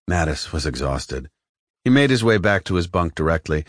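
A man reading an adventure novel aloud as the audiobook narrator, in an expressive storytelling manner. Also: sits low, normal speed, dry recording, studio quality. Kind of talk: scripted narration.

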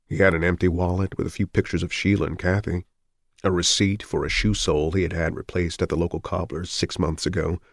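A narrator with a very deep, low voice reads a novel as a scripted audiobook. He keeps an even, measured pace, and the recording is close and dry without any room echo.

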